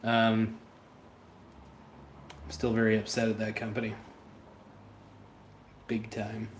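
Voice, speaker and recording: A man's voice: on the low side, monotone, takes it slowly, slight background noise. A man hosting a livestream, talking in a casual, rambling and blunt way and answering viewer chats. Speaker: livestream host.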